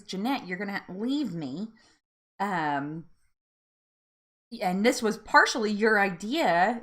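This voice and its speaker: A woman's voice: medium pitch, fairly bright tone. A young woman hosting a casual live-stream chat, greeting viewers and laughing often in an upbeat way. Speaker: host of a live weight loss support chat.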